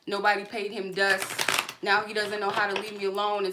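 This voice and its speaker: A woman's voice: mid-range voice, monotone, a little fast, pushed and bright. A woman who hosts a tarot reading channel, angrily cursing at a viewer during a live stream in a confrontational, profane rant. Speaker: tarot card reader and channel host. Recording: clear background noise.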